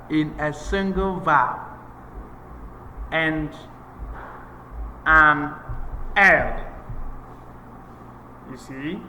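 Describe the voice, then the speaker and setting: A man teaching English grammar in a slow, methodical lecture, repeating each point for emphasis. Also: fairly high pitch, sharp tone, slight background noise. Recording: echoey room with long reverb.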